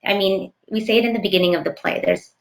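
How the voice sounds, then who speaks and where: A woman actress talking thoughtfully in an interview, often pausing to search for words. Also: medium pitch, fairly even intonation, echoey room. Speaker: actress guest. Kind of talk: casual interview chat.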